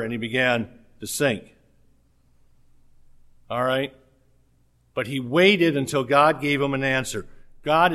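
A man's voice: high-pitched, sharp tone. A man preaching a sermon in a conversational way, with humorous asides.

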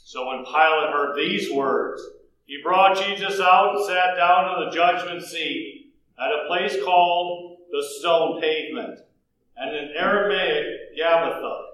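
A man reads scripture aloud in a steady, solemn, measured way. His voice sits high for a man, and the recording is very echoey with faint noise behind it. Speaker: narrator.

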